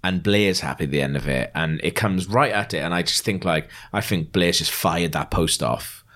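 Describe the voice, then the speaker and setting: A man's voice: low voice, normal speed. A man, co-hosting a podcast, chatting casually and acting out anecdotes. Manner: animated storyteller, acts out voices. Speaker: podcast co-host. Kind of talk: casual chat.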